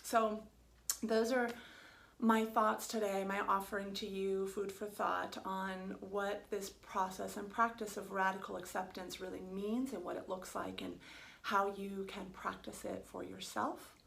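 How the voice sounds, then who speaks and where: A middle-aged woman psychotherapist speaks to her viewers in a soft, slow, soothing voice. Her tone has a slight gravelly fry, and her pitch sits in the middle for a woman. She pauses often and lets her words land gently. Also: flat delivery. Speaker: holistic psychotherapist. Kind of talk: gentle reflective video talk to viewers.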